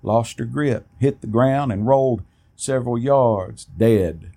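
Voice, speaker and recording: A man reading a first-person story aloud in a plain, steady way, with an occasional restart. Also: mid-range voice, measured pace, creaky.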